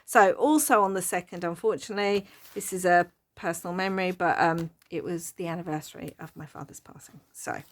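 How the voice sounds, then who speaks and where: A middle-aged woman hosts a craft channel, chatting and rambling through a casual craft-journal flip-through and giggling often. Her voice is on the low side, fairly quick, with hardly any pauses.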